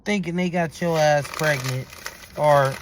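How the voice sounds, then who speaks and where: A man's voice: fairly high pitch, a little slow, noisy background. A man hosting a reaction video, talking in incredulous, profane street slang. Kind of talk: reaction commentary.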